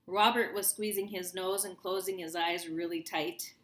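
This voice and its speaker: A woman reading a children's book aloud in a lively storytelling manner for young listeners. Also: lowish voice, normal speed. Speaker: reader. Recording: roomy echo.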